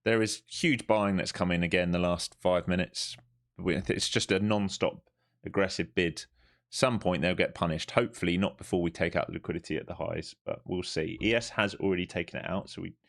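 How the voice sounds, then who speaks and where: A tired man, giving loose, chatty live commentary as he trades on a stream. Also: low-pitched. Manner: chatty, loose and profane, thinking aloud. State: overtired.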